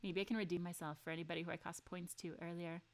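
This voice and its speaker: A woman streaming a story game, reading its lines aloud and chatting with her viewers, excitable and quick to gasp and swear. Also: on the low side. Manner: excitable, gasping, laughing and swearing between read lines.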